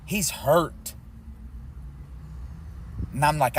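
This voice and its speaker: Brief: swearing, scolding man in a parked car, slightly higher voice, faint road hum. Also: animated, moderate pace. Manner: blunt, scolding, swears a lot. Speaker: streamer. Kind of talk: heated casual argument. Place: inside a car.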